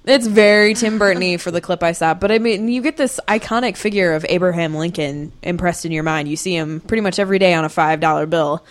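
A woman's voice: lowish voice, fast talker, hardly any pauses. A woman co-hosting a podcast, talking casually and rambling through her thoughts with many "like"s. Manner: rambling, many fillers and restarts. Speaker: podcast co-host.

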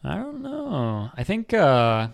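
A man's voice: a little high, wildly swooping pitch, slow pace, gravelly. A man hosting a casual podcast chat, easygoing and hesitant with lots of fillers.

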